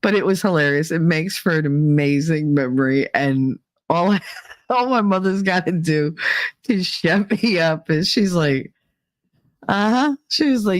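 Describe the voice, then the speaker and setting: A woman's voice: a little slow, no room sound, studio quality. Laughing woman telling a wild story. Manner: animated, laughing often, acts out quotes in a higher voice. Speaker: podcast host. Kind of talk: casual storytelling rant.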